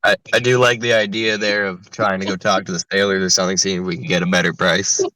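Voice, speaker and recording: A man playing a tabletop game, eager and excitable, narrating his character's actions. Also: low-pitched, fast talker, no echo, poor audio. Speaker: player. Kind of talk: casual tabletop game chat.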